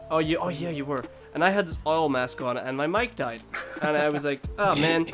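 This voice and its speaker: A man on a casual podcast who tells stories in a rambling, animated way and laughs as he goes. His voice sits a bit high. Music plays behind him. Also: fairly quick. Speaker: podcast co-host. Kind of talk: casual storytelling chat.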